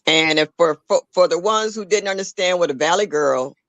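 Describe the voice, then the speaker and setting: A woman's voice: on the low side, moderate pace, fairly bright tone, no room sound. Dry-sounding grandmother telling a story. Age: older. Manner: storytelling, earnest, with frequent restarts and laughs. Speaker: caller in a live audio discussion. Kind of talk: casual chat.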